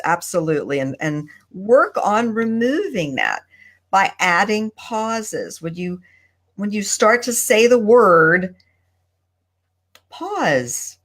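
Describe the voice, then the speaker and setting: Woman with deliberate pauses. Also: medium pitch. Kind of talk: casual panel chat. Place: home desk. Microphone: video call.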